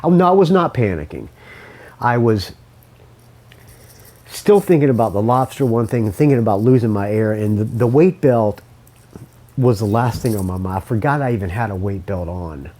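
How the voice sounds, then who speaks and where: A man's voice: lowish voice, expressive, moderate pace, pauses often, mellow. A man hosting a podcast, telling a story casually, rambling and swearing, with a lingering cough. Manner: rambling, swearing, self-correcting. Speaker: podcast host.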